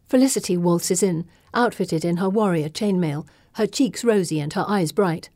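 Mellow woman narrating an audiobook. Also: lowish voice, moderate pace, hardly any pauses, dry recording, clean studio sound. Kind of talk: scripted first-person audiobook narration.

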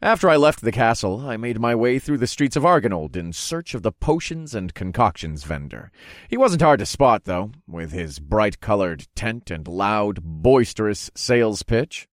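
Expressive male audiobook narrator. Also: on the low side, moderate pace, no echo, clean studio sound. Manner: lively, expressive reading. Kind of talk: first-person story narration.

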